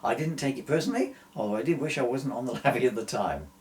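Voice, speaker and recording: A man's voice: mid-range voice, expressive, fast, a little mellow, close to an everyday voice. A man voicing Noah as a complaining, sardonic old man in a comic story. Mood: grumbling. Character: Noah, grumbling old boat-builder.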